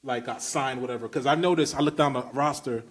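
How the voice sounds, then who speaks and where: A man's voice: mid-range voice, fast talker, breathy edge. Man, Brooklyn accent, podcast host, emphatic, enthusiastic, casual slang. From Brooklyn, New York.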